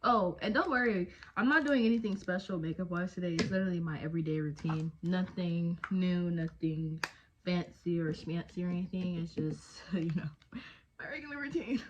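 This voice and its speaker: A 20-something beauty vlogger from Texas jokes and chats at home while doing her makeup, speaking in slang with trailing fillers. Her voice is fairly low and her pace normal. The recording is muffled, with a noisy background.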